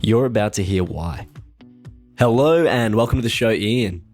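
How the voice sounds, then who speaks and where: A man's voice: lowish voice, lively intonation, moderate pace, a little mellow, faint music behind. An Australian man hosting a podcast interview, speaking with enthusiasm. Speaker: podcast host.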